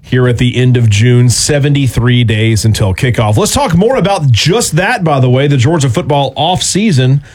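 A man's voice: mid-range voice, lively intonation, moderate pace, few pauses, a little mellow, husky. A man hosting a sports radio morning show, chatting upbeat and rambling with fillers. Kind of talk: casual sports radio banter.

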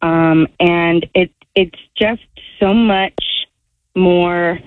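A woman calling in to a radio show, speaking slowly and haltingly. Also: on the low side, fairly even intonation, dry recording. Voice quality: slow, halting speech. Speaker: caller. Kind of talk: call-in radio chat. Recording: tinny phone line.

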